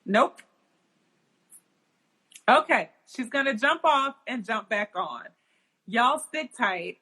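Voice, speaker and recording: A woman's voice: on the high side, lively intonation, slow pace, pushed and bright, slightly rough. A woman hosting a live chat show over a video call, upbeat and reassuring in her manner. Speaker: host.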